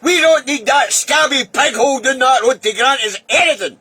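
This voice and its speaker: A man's voice: extremely high pitch, normal speed, bright, forceful tone, husky, dry recording. A middle-aged Scottish man ranting in a sweary, blunt and heated political monologue. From Scotland. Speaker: political video commentator.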